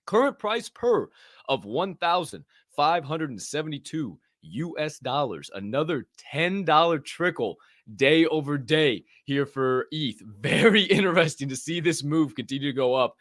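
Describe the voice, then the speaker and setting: A young American man runs through crypto news in a loose, swearing, joking way. His pitch swings widely as he gets worked up. The sound is close and dry, with no room behind him. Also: moderate pace, dry recording. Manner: animated, profane, jokey, bursts of shouting. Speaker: podcast host. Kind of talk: casual crypto news chat.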